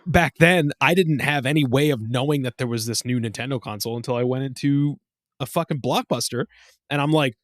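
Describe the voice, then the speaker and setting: A man in his thirties co-hosting a casual podcast, telling animated stories with lots of swearing. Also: fairly quick, no echo, studio quality. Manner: animated storyteller, swears, acts out quotes in high voices. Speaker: podcast co-host. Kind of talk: casual chat.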